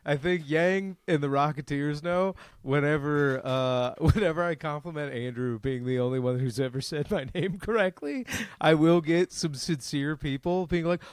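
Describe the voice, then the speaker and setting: A man's voice: a little high, moderate pace, clean tone, no room sound, clean studio sound. A man co-hosting a podcast in a casual, laid-back chat, laughing often and calling everyone dude. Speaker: podcast co-host.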